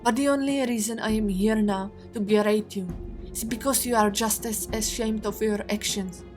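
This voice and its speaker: A woman voicing a stern female mentor who scolds in formal, measured speech. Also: mid-range voice, fairly even intonation, natural voice. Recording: faint music behind.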